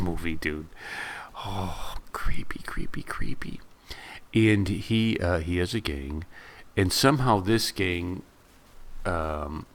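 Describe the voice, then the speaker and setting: A man's voice: very deep voice, a bit bright, a little hiss or hum. A man reviewing a film in a casual, rambling retelling full of asides. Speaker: movie reviewer.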